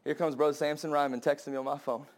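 A young adult man preaching a sermon to his church, impassioned and building to high, emphatic cries. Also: fairly even intonation, fast talker. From United States.

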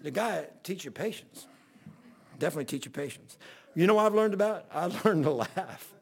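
This is a pastor spinning a comic tale from the pulpit, slipping into the voices of the people he describes. His voice sits high for a man and has a gravelly, rough edge. He talks in a loose, folksy way and laughs often. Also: expressive, normal speed. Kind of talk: storytelling sermon.

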